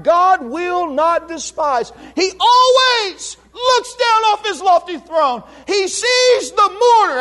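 Man, pastor at the pulpit; high, fervent delivery swinging from shouts to hushed asides, call-and-response with the church. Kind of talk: revival sermon. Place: church sanctuary.

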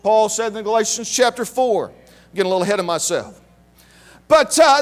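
A man's voice: sits high, animated, moderate pace, pauses often. A male preacher delivering a sermon emphatically, repeating key phrases and calling out to his congregation.

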